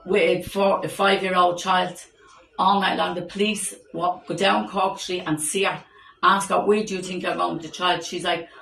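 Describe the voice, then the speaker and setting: A woman's voice: on the low side, gravelly, a bit bright. A middle-aged woman who speaks emphatically and urgently for her grandchild. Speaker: grandmother of an autistic child. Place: hospital room. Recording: echoey room from far off, faint noise.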